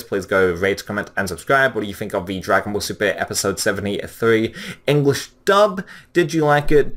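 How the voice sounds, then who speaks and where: A man's voice: on the low side, a bit bright. A man hosting his own anime review channel, talking through it in casual solo commentary, rambling with lots of fillers and casual swearing.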